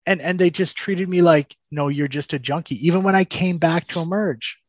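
Animated man telling his story. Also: fairly high pitch, normal speed, no echo, dull audio. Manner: animated, acts out quoted dialogue, frequent restarts. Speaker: podcast guest. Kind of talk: telling a personal story in conversation.

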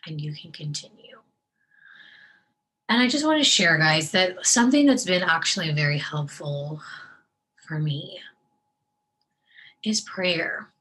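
A woman in a personal video diary, tearful and crying as she talks, halting and soft, often dropping to a breathy whisper. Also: on the low side, lively intonation, poor audio. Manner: slow, hesitant delivery with long pauses. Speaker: vlogger sharing her faith.

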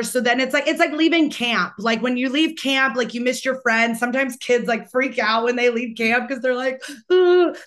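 A woman's voice: a little high, pushed and bright. A young woman hosting a podcast, chatting in a rambling way full of "like". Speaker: podcast host. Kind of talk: casual chat.

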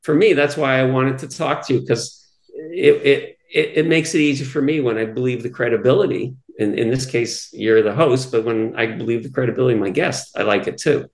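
Male guest, self-deprecating and chatty, mid-pitched, echoey room sound. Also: brisk. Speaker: guest, real estate brokerage co-founder. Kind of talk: casual interview chat. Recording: roomy echo.

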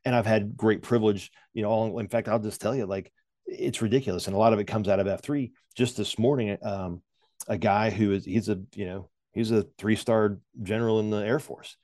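A man's voice: lowish voice, fairly even intonation, fairly quick, a little mellow, dry recording, clean studio sound. A man in his forties talking candidly in a casual interview, rambling with many fillers and restarts and joking at his own expense. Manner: self-deprecating humor. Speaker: podcast guest.

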